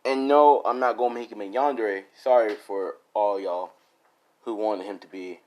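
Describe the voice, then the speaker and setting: A man's voice: fairly low pitch, fairly even intonation, moderate pace, a little mellow. A young man casually improvising a fan story, rambling and laughing at his own jokes.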